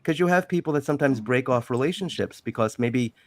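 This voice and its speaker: A man's voice: mid-range voice, quick pace, no echo. Man telling a story on a call. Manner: rambling, animated retelling with acted quotes. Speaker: guest on a live panel. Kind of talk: casual storytelling on a group call.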